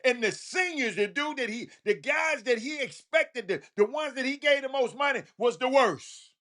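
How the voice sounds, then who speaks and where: Over a phone call, a show host delivers a loose talk show monologue in a noticeably high, fairly bright voice with lively intonation at normal speed. He drawls and lectures his listeners preachily, repeating himself. He keeps stammering and restarting his lines.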